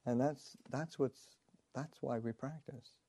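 A Buddhist monk, a man, telling a teaching story in a halting way, full of fillers and restarts, with soft chuckles. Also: mid-range voice, no echo, studio quality. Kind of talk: storytelling dharma talk.

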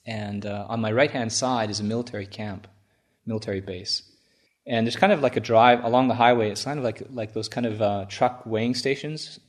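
A man who is a Buddhist monk, telling a story in a halting, chuckling way with many restarts. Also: lowish voice. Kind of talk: storytelling talk.

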